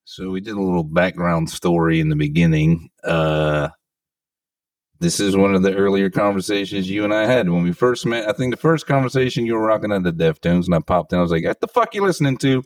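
A man's voice: deep voice, steady tone, a little fast, no room sound, distant mic. A man hosting a metal podcast, reading enthusiastic album reviews and chatting with profane emphasis. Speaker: podcast host. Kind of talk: casual podcast chat with read reviews.

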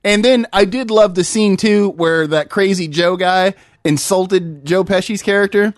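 Slightly high-pitched profane casual man. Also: no room sound, clean studio sound. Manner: enthusiastic, profane, drawn-out phrasing. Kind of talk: casual chat.

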